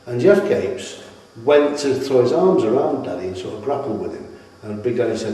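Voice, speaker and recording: A middle-aged man spins animated stories, restarting his sentences often. His voice sits mellow and dark. The echoey room and distant mic give it a long, roomy tail. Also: mid-range voice, moderate pace. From Britain. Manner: rambling, animated, with many restarts. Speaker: retired wrestler interviewee. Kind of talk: anecdotal interview storytelling. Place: at his home.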